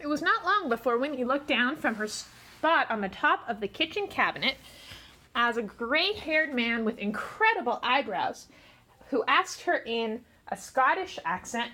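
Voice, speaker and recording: A woman storyteller giving an animated storybook reading aloud. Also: high voice, a little slow.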